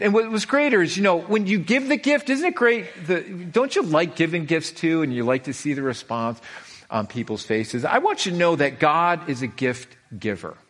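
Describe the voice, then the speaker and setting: Middle-aged guy preaching, lively storyteller, keeps repeating words, kinda high voice. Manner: animated storytelling, frequent repetitions and restarts. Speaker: pastor. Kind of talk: sermon.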